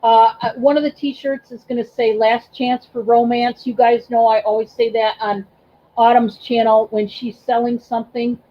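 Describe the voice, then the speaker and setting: High-pitched lady doing a livestream, gushy and emotional, lots of ums, kinda muffled audio. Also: steady tone. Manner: emotional, effusive, thanks chat by name; halting, many ums and restarts. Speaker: livestream host and reseller. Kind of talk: casual livestream chat.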